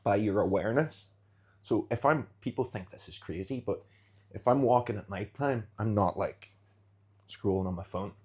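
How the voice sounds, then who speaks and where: Low husky man, casual guest. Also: moderate pace. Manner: animated storyteller, acts out street scenarios. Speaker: podcast guest, jiu-jitsu fighter. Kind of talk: casual interview chat.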